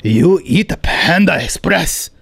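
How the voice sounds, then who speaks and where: A man voicing a grumpy, suspicious middle-aged landlord who speaks slow, broken English with a Korean accent. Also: fairly high pitch, animated, gravelly, fairly bright tone, breathy edge, no echo, full character voice. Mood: accusing.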